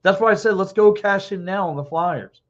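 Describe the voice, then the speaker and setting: A man in his fifties hosting a podcast, talking sports alone and reading out live comments, blunt and excitable, repeating himself, a little hoarse with a dry throat. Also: high voice, moderate pace. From Philadelphia. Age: 50s. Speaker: podcast host. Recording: dull lo-fi stream audio.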